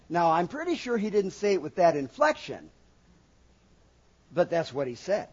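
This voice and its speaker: A man preaching a sermon in an animated way, acting out quoted voices and asking the congregation questions. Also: sits high, normal speed, pauses often, breathy edge. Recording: dull lo-fi recording.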